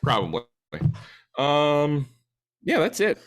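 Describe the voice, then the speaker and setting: Rambling, animated male podcast co-host. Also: on the high side, takes it slowly. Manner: rambling, lively storytelling with filler words. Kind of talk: casual chat.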